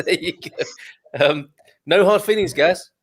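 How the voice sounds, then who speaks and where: A man's voice: on the high side, takes it slowly, breathy edge. Chatty man hosting a live stream. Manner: chatty, jokey, reads out viewer comments. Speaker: host. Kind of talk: casual live-stream chat.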